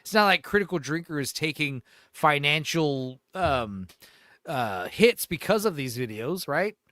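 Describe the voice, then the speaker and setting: Animated, high-voiced male streamer. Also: a little slow, dry recording, studio quality. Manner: rambling, animated, many fillers. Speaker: host. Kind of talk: casual livestream chat.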